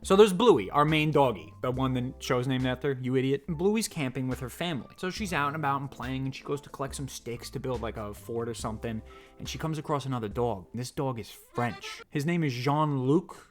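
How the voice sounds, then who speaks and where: A man's voice: medium pitch, brisk, faint music behind. A man in his thirties, a dad, giving a jokey, sarcastic, mock-dramatic commentary on a children's show. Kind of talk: comedic commentary vlog.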